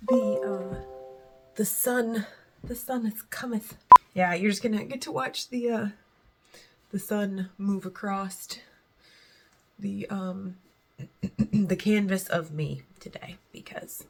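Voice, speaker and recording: A woman's voice: medium pitch, slow, creaky, pauses often, heavy background noise. A woman talking to camera in a casual faith vlog, earnest and heartfelt, chatty and rambling between thoughts. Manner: earnest and heartfelt, close to tears at times. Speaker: faith vlogger.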